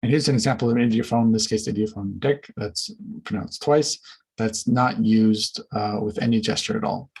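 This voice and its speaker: A man with a lowish, husky voice delivers an academic research talk. He speaks in a measured, careful way, pausing on fillers and restarting phrases as he explains his findings. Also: a little mellow, low-quality recording. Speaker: linguistics researcher presenting.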